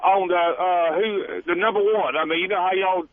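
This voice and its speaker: A man's voice: high voice, steady tone. A man calling in to a radio show, asking his question hesitantly with fillers. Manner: hesitant, halting. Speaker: caller. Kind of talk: casual call-in question. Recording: tinny phone line.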